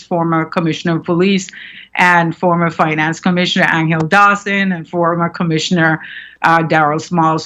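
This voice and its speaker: A woman's voice: lowish voice, fairly bright tone, muffled recording. A woman giving earnest, outspoken testimony before a legislative committee as a former island administrator. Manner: earnest, outspoken, with light asides.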